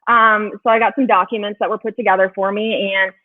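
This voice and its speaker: A woman's voice: mid-range voice, little pitch movement, a little fast. A woman from Wisconsin, a guest, telling travel stories in a chatty way and laughing often. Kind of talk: casual chat. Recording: tinny phone-like call audio.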